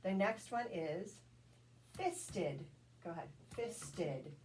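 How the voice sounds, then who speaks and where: A woman tutoring one-on-one in a phonics drill, patient and encouraging, sounding out each letter slowly. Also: lowish voice, animated, a little mellow. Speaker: reading tutor. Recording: distant mic with faint background noise.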